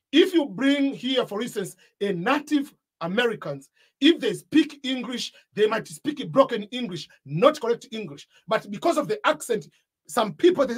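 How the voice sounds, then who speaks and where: A man's voice: extremely high pitch, husky. A man with an East African accent giving a motivational talk about starting a YouTube channel, stressing his points and repeating them. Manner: emphatic, repeats key points. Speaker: YouTube coach.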